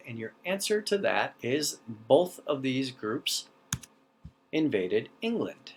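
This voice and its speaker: A middle-aged man with an Upper Midwest accent gives a recorded lecture at an ordinary pitch. His long O's come through as he talks loosely, restarting sentences and tossing in "right?" to keep students with him. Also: big pitch swings, takes it slowly, a little hiss or hum. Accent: Upper Midwest American. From North Central United States. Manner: conversational, frequent "right?" check-ins and restarts. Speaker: teacher.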